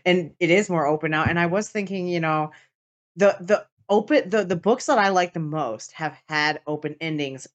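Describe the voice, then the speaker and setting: A woman who writes novels, co-hosting a casual book podcast, blunt and swearing freely with quick asides. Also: on the low side, highs cut off. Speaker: podcast co-host, author. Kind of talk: casual chat about books.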